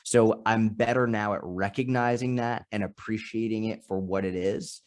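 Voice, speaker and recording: Animated low-voiced man telling stories. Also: moderate pace. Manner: animated storytelling, acts out quoted voices, frequent restarts. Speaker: podcast guest, strength and nutrition coach. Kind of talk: casual interview chat.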